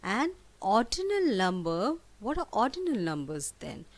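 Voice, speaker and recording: A woman's voice: mid-range voice, big pitch swings, a little slow. A woman teacher giving a lesson, asking questions and answering them herself, spelling words out and repeating key words. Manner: asks questions and answers them herself, emphatic rising prompts. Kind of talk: classroom lesson for children.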